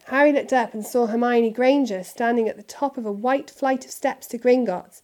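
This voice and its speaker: A woman reading a children's novel aloud in steady, clear narration. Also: fairly high pitch, normal speed, hardly any pauses. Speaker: storybook reader.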